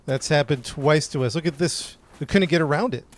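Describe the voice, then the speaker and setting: Man, game streamer, fairly high voice, talking to chat, clear background noise. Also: fairly quick. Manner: frustrated, talks to chat while playing. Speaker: gaming streamer. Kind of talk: live game commentary.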